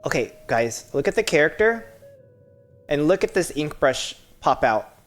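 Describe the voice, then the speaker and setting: A woman streams a game and rambles to her viewers in a loose, joking way. Her voice is low and deep, and game music plays clearly under everything she says. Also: sing-song, unhurried. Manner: rambling, joking, talks to chat. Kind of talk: casual gameplay commentary.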